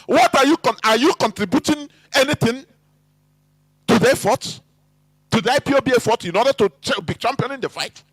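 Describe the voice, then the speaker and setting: A Nigerian man giving a fiery political monologue, full of rhetorical questions and halting restarts. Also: extremely high pitch, animated, fairly bright tone, slightly rough, no echo. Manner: halting with restarts and repeated words. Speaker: activist commentator.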